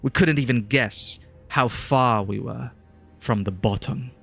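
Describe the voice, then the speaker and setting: A man's voice: medium pitch, measured pace, gravelly, a bit bright, breathy edge, faint music behind. A man commentating a live game playthrough in a playful, goofy way, reading game text aloud. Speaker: streamer.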